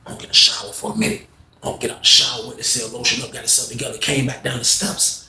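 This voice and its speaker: A man telling a casual story in animated slang, acting out the voices. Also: medium pitch, fast, gravelly. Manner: animated, slangy, acts out every voice. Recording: roomy echo.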